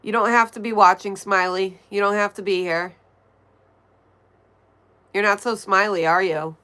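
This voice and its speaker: A woman's voice: medium pitch, steady tone, a little slow, pushed and bright. A woman with a nasal voice, chatting casually on a livestream and answering viewer messages as she reads them. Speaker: livestream host. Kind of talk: casual livestream chat, reading chat.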